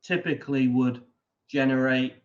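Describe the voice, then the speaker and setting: A man coaching putting explains his ideas in a measured way, pausing on "um" and restarting his sentences. His voice is mid-pitched. The recording sounds a little dull and muffled. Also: level tone. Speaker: putting coach, interview guest. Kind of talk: explanatory interview answer.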